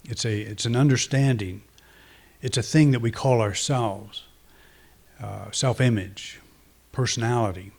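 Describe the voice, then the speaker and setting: A man's voice: medium pitch, a little slow, gravelly, pauses often, a little mellow. A man, a minister, preaching a conversational, reflective sermon with frequent restarts and fillers.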